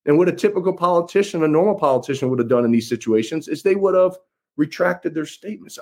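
Speaking fast in a voice on the high side, animated and a little mellow, a man running for office addresses his followers. He's folksy and emphatic, repeating phrases for effect.

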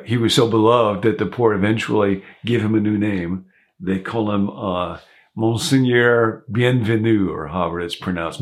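A male pastor with a low voice and plenty of gravelly fry. He preaches in a reflective, storytelling way, retelling a story for his listeners. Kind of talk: sermon.

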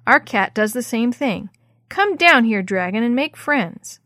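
An excitable young girl with a soft spot for the cat, with high, eager, squealing lines in a children's storybook, as a woman reads her. The sound is close and dry. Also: unhurried, no room sound.

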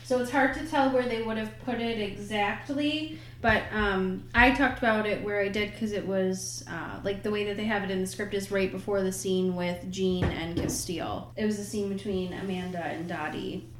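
Relaxed woman co-host, roomy sound, soft background noise. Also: medium pitch, normal speed, few pauses. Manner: relaxed, explanatory, uses fillers. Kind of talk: casual chat.

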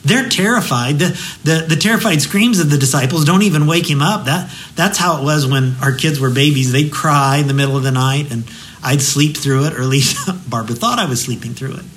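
Man, pastor, devotional sermon, vivid storytelling, hushed prayer, slightly high pitch. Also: a little fast, slight background noise, low-quality recording.

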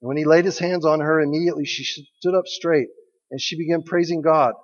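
This man's voice is a little high, steady and brisk as he preaches. Acting as pastor, he keeps things conversational, cracks jokes, and questions the congregation, though the audio is dull and echoes with long hall reverb.

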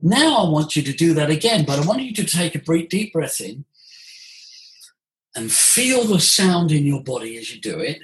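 A man, a voice coach explaining ideas in an animated conversational way. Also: a little high, normal speed, poor audio. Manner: animated, demonstrates vocal sounds. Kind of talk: conversational teaching.

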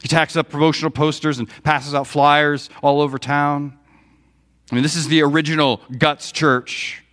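A man's voice: a little high, flat delivery, normal speed, fairly bright tone. Male pastor, sermon delivery, storytelling preacher who acts out the quotes. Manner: storytelling preacher, quoting dialogue with feeling. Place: church sanctuary.

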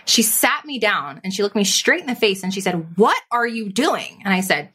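Bright-voiced woman telling her story. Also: medium pitch, slightly rough. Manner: animated, fast-flowing, quotes her own inner voice. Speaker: podcast guest, business coach. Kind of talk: conversational interview storytelling.

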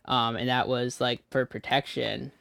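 A man's voice: medium pitch, flat delivery, measured pace, creaky, sharp tone, no room sound. A man co-hosting a podcast in casual chat, rambling with lots of fillers and frequent laughs. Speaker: podcast co-host. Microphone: desk microphone.

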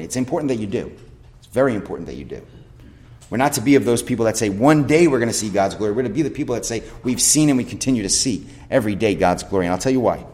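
Guy pastor preaching, kinda low voice, keeps asking the congregation questions, emphatic. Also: darkish tone. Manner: emphatic preaching with rhetorical questions and scripture quotes. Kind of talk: sermon.

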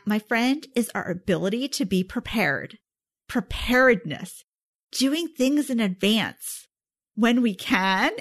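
A woman hosting her own podcast, upbeat and effusive, talking straight to the listener. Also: medium pitch. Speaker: podcast host. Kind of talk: solo podcast talk.

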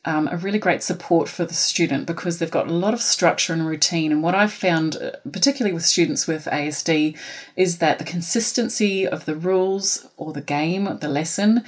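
A woman with a New Zealand accent, a teacher answering podcast questions in a careful, explanatory way with frequent ums. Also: lowish voice. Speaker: phonics intervention teacher, guest.

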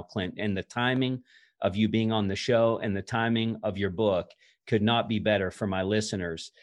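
Measured, lower-voiced male podcast host. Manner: measured, with frequent "uh" fillers. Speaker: podcast host and executive coach. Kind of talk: interview host introduction.

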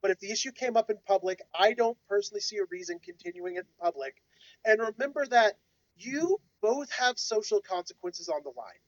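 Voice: mid-range voice, animated, a little fast, no room sound, dull audio. A podcast co-host talking through advice in an earnest, thoughtful way. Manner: earnest, advising. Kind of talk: casual discussion.

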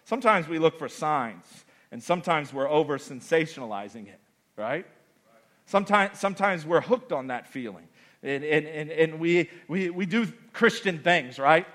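A man preaching a sermon to a church. He repeats phrases for emphasis, calls out to the congregation, and rises into shouted, dramatic prayers. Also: on the high side, animated, moderate pace. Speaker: pastor.

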